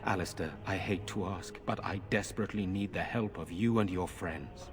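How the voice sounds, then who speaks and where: An actor playing an earnest nobleman in a video game, speaking in a formal, measured way. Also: low-pitched, soft background music, lightly acted. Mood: grave. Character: grave noble lord, older brother, earnest man. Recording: long reverb.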